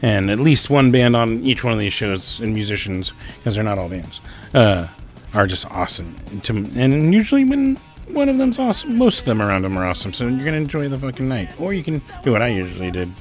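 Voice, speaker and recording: A man hosting a casual show about local music, excited, swearing often and laughing between thoughts. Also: mid-range voice, fairly quick. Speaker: host. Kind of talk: casual podcast chat. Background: music underneath.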